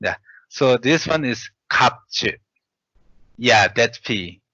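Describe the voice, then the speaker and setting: Guy teacher spelling out syllables real slow, bright voice, kinda dull lo-fi audio. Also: medium pitch, expressive, no echo. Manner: slow, halting, sounds syllables out one by one. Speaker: language teacher. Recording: dull lo-fi sound.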